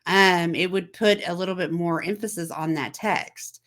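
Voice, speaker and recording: A woman's voice: lowish voice, fairly even intonation, normal speed, fairly bright tone. A woman hosting a casual chat to camera, talking in a conversational way, asking the viewer questions and acting out text messages in quoted voices. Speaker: host.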